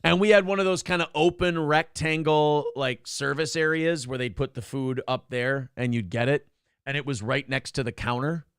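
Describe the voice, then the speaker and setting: A man's voice: on the high side, fairly even intonation, normal speed, fairly bright tone, clean tone, no echo, clean studio sound. A man hosting a casual morning chat show, telling stories with lots of swearing and laughter. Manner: profane, storytelling, laughs often. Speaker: host.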